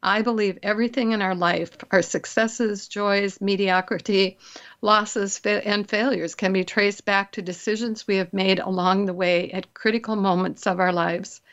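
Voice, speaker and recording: A woman's voice: mid-range voice, steady tone, fairly bright tone. Chatty woman radio host, dull audio. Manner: chatty with fillers, slows for emphasis. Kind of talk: casual chat and scripted intro.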